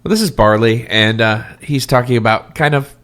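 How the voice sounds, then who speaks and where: A man's voice: medium pitch, normal speed, fairly bright tone. A man co-hosting a comedy podcast, chatty and self-deprecating, often laughing. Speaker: podcast co-host. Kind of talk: casual chat.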